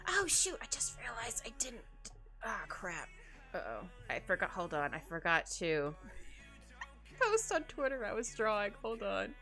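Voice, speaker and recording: A woman's voice: medium pitch, wildly swooping pitch, measured pace, bright, forceful tone. A young woman streaming as she draws, chatting casually, giggling often and rambling. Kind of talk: casual chat while drawing on stream. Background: faint background music.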